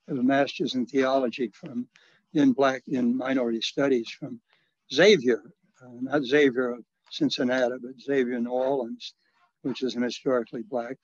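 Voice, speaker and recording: A man in his eighties, a retired priest, recounting his past in an interview in a halting way, with many restarts and soft chuckles. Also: mid-range voice, no echo. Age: 80s. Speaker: retired Catholic priest and social worker. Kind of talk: reminiscing in an interview. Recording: dull, lo-fi, dry recording.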